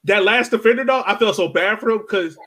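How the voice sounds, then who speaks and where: A man co-hosting a football podcast, telling stories in a loose, slangy, animated way and acting out quotes. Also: sits high, a little fast, low-quality recording. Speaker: podcast co-host. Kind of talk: casual chat.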